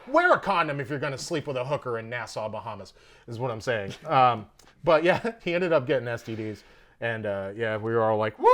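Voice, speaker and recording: A man tells a story on a casual podcast, loose and full of profanity. His voice sits at a middle pitch, and the telling stays animated. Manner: profane, animated storyteller who puts on a Russian accent in quotes. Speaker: guest comedian. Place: podcast studio in Austin, Texas.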